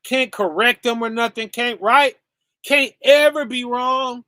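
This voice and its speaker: Slow, bright-voiced man preaching emphatically. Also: very high-pitched, no echo, clean studio sound. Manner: emphatic, peppers lines with "okay?" and "right?"; rhetorical questions, slangy. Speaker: podcast host. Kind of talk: preachy commentary.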